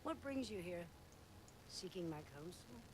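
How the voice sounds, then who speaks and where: A woman voicing a calm, cryptic blind oracle who leads beggars, speaking slowly and solemnly in a video game cutscene. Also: on the low side. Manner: slow, solemn, riddling. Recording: game audio with background noise.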